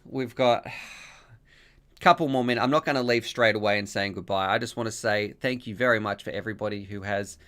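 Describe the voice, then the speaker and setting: A man's voice: fairly low pitch, brisk, fairly bright tone. Chatty man reading chat. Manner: rambling, thankful, laughs often while reading chat messages aloud. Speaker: live stream host. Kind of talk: casual live-stream chat reading donations.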